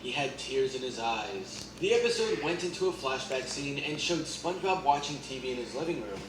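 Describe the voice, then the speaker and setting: A man reading a creepy story aloud in a flat, steady way. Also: mid-range voice, moderate pace. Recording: echoey room, distant mic, noisy.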